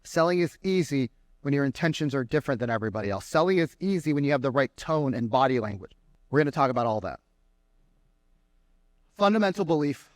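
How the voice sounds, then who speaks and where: A man speaking as a sales trainer to a live audience, energetic and mocking as he acts out callers. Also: medium pitch, quick pace, no room sound. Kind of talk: keynote talk to a live audience. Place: conference room with an audience.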